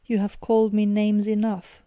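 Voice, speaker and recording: A woman's voice: medium pitch, monotone, moderate pace, dark tone, no echo, natural voice. A woman voicing a proud, sullen young man who answers with defiant, wounded retorts.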